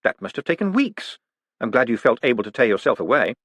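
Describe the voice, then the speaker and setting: A man doing a smooth wry con man. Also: medium pitch, sing-song, a little fast, a bit bright, dry recording. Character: smooth, quick-witted male con man.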